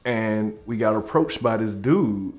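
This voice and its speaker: Low-voiced man telling a casual story. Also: a little slow. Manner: animated, slangy, acts out dialogue. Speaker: storyteller and channel host.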